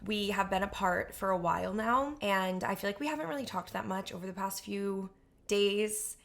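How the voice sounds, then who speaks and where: A young woman co-hosts a podcast, animatedly telling stories in casual conversation and using "like" heavily. Her medium-pitched voice has vocal fry and moves at normal speed.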